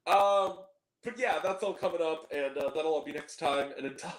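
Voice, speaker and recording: A man's voice: a little high, normal speed, echoey room, rough recording. A man hosting a movie review video, rambling casually with plenty of fillers and casual swearing.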